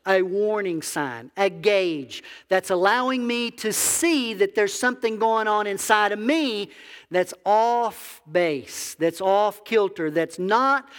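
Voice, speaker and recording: A man's voice: high voice, a bit bright, in a large hall. A man, a biblical counselor, preaching a conversational sermon that asks the audience questions. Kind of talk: sermon to a congregation.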